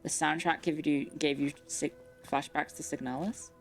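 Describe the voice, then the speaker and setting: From her bedroom, a young woman gives nervous, chatty commentary while streaming a puzzle game, repeating herself when she gets spooked. Her low voice holds a steady tone at normal speed, with faint background music.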